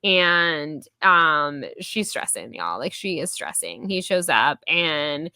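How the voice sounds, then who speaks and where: A woman hosting a podcast, chatting casually about a book, full of fillers and quick voiced quotes from the characters. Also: deep voice, sing-song, pushed and bright, clear, resonant tone, no echo. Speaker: podcast host. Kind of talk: casual book review chat.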